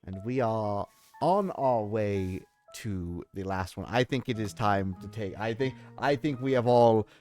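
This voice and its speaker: A man's voice: on the low side, unhurried, a little mellow, faint music behind. A man hosting a live fan dub stream of a game, easygoing and chatty. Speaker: stream host and narrator.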